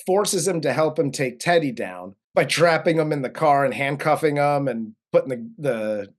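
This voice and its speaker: A man co-hosting a movie review, casually recapping the plot, relaxed and profane with frequent laughs. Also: a little high, moderate pace. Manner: laid-back, profane, laughs often. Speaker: co-host of a movie review show.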